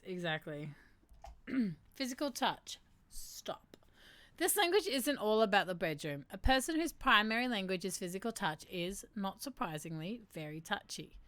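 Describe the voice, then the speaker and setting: A young woman hosting a casual livestream, reading aloud and chatting, animated, laughing and swearing now and then. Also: fairly low pitch, no room sound. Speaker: streamer hosting a mental health segment.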